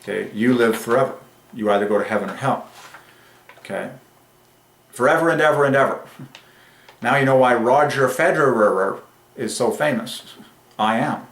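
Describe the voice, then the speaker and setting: Excitable man in an echoey room. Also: lowish voice. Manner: emphatic and excitable, drawing out key phrases slowly. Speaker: religious channel host. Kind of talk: excited solo monologue on word numerology. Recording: roomy echo.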